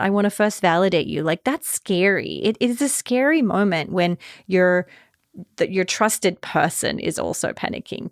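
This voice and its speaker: A woman hosting a podcast, telling a personal story in a casual, animated way and acting out her own reactions with big jumps in pitch. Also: no echo, clean studio sound. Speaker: podcast host. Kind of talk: casual solo podcast talk.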